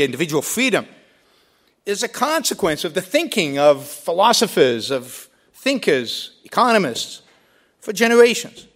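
A man's voice: a little high, a bit bright. A man giving a debate speech in an emphatic style, building points with rhetorical questions and repeated phrases.

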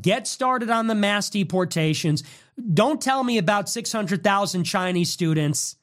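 A man hosting a political show, delivering an angry, combative monologue. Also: high-pitched.

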